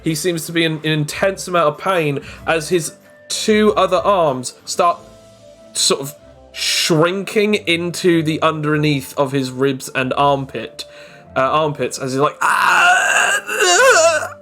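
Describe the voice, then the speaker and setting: A man runs a tabletop game as game master, describing the scene in quick, stumbling bursts. His voice sits a little high for a man, and faint music plays underneath. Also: fairly even intonation, a bit bright. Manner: quick, halting with repeated words.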